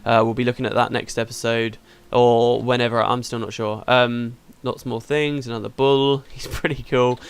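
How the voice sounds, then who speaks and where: Man, let's play host, chatty, laughs easily, clear resonant voice. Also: mid-range voice, little pitch movement, normal speed, few pauses. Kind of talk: casual game commentary.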